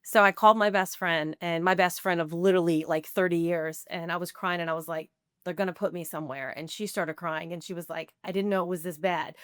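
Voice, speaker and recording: Low, smooth-voiced woman telling her story. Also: steady tone, brisk, few pauses, dry recording, studio quality. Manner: conversational, full of "like" and quoted self-talk. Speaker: podcast guest. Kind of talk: candid personal recovery story.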